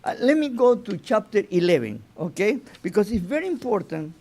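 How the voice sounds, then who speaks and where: A man teaching an informal Torah lesson as a rabbi, halting and restarting his phrases and often asking "you know?". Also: sits high, big pitch swings, creaky, darkish tone.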